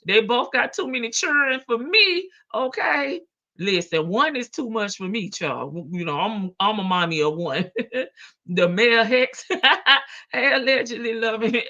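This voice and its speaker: A woman's voice: a little high, animated, unhurried, bright, forceful tone, dull audio. A woman hosting a livestream, chatting casually, greeting viewers by name and laughing often. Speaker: livestream host. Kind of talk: casual chat reading out live comments.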